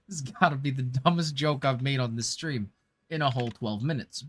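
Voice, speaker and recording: A man's voice: medium pitch, brisk, fairly bright tone, breathy edge. A man livestreaming a game, chatting with viewers and thanking them while putting on a celebrity impression accent. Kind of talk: casual livestream chat while gaming.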